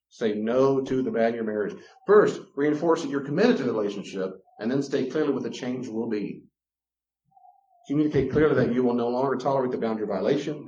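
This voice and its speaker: A man's voice: medium pitch, a little mellow, slight background noise. A man teaching about relationships, acting out quoted voices and chuckling often. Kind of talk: teaching talk with acted-out examples. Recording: roomy, dull lo-fi recording.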